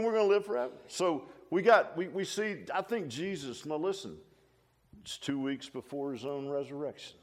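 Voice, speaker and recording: Folksy older male preacher, animated. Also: fairly high pitch, normal speed. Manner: folksy, animated preaching with repeated "huh?" and restarts. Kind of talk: sermon.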